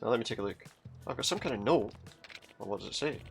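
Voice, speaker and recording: A man's voice: mid-range voice, expressive, quick pace, gravelly, faint music behind. A man hosting a let's play, joking casually and reading game dialogue aloud. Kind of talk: casual gameplay commentary.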